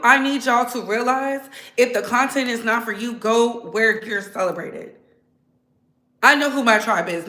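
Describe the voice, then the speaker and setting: An animated woman hosts her own live commentary stream, hammering points home through repetition. Her voice sits a bit high and rings bright and sharp. The room around her is echoey. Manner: animated, repeats phrases for emphasis. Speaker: commentary vlogger, channel host.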